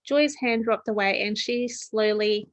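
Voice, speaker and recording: A woman reads her own story aloud in a plain, unhurried way and corrects her small slips as she goes. Her voice sits at a middle pitch. The sound is close and dry. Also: dry recording.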